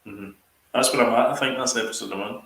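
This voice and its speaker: A man's voice: mid-range voice, steady tone, fairly quick, fairly bright tone, reverberant. A man chatting casually on a podcast, hesitant and full of ums. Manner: hesitant, lots of ums and agreeing. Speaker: podcast co-host. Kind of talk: casual chat.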